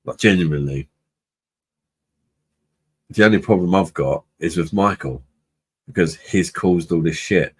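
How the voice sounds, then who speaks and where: A man's voice: low-pitched, unhurried, pauses often. A man hosting a live-stream beer review, chatting casually with viewers in a blunt, sweary way and laughing often.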